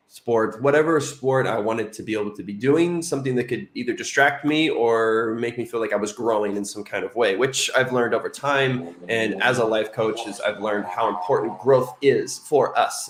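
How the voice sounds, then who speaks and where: Low-voiced man in an echoey room. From Oregon, United States. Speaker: guest, life coach. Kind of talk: video call interview.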